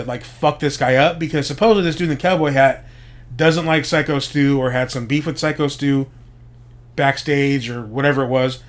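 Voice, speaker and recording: Man, show host, casual commentary, profane, speculative, slightly high voice. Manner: profane, speculative, explains wrestling slang. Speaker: podcast host.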